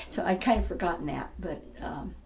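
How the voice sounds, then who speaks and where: An older woman in her seventies talks through memories of her stage career in a relaxed interview. Her voice sits on the low side. She is chatty and laughs easily between stories. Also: moderate pace, vocal fry. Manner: chatty and warm, laughs often. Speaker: interviewee, retired stage actress. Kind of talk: casual reminiscing interview.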